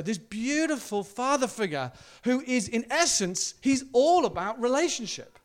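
Man, pastor, sermon, animated storytelling, high voice. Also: normal speed, hardly any pauses. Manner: animated storytelling, acting out quotes.

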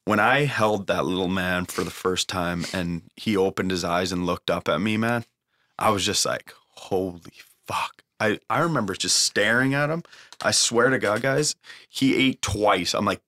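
A man's voice: on the low side, normal speed, pushed and bright. A young man telling an emotional recovery story in a casual way, swearing freely and using lots of fillers. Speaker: guest sharing a recovery story.

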